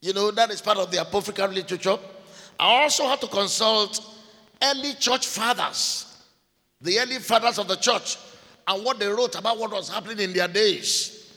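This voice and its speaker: A man delivers a sermon with a high, bright voice. He speaks deliberately, repeating key phrases and spelling words out letter by letter. A long reverb trails each phrase, as in a large hall. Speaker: preacher. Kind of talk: sermon teaching.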